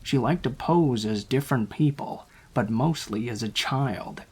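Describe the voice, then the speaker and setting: A man narrating true horror stories in a calm, low-key scripted reading. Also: a little slow, husky.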